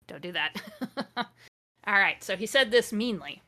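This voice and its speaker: A woman's voice: medium pitch, bright, forceful tone, no room sound, studio quality. A woman host reading a fan story aloud for comedy, breaking off with sarcastic, exasperated asides. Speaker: host, dramatic reader.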